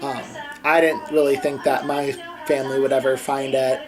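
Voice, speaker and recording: A man's voice: mid-range voice, little pitch movement, normal speed, music in the background, poor audio. A young man recounts a personal story in a casual home vlog. He rambles loosely, piling on fillers and "like"s as he goes. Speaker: vlogger. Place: home bedroom with a TV on.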